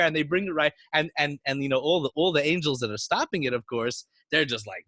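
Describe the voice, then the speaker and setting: A man's voice: on the high side, animated, quick pace, few pauses, a bit bright, no echo. A man co-hosting a podcast, casually chatting and telling a story with lots of animation and frequent laughter. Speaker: podcast co-host.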